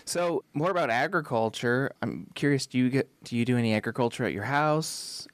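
A man's voice: medium pitch, fairly quick, no room sound. A man interviewing a guest in a casual chat, asking curious questions and giving short encouraging replies.

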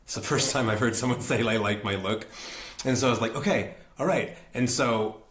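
Animated man telling a story, echoey room. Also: on the low side, brisk. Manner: animated, acts out quotes, laughs often. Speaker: actor and guest. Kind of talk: storytelling in an interview.

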